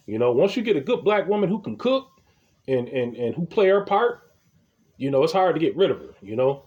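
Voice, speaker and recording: A comedy vlogger tells comic stories in a casual, rambling rant, his fairly high, slightly mellow voice heard through lo-fi sound. He swears freely and stumbles, repeating words as he starts sentences.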